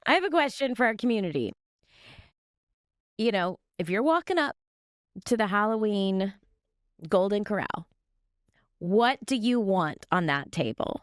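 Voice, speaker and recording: A woman's voice: mid-range voice, very animated, unhurried, pauses often, no echo, clean studio sound. A young adult woman co-hosting a podcast, telling stories in a bubbly way and laughing easily. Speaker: podcast co-host. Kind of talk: casual podcast chat.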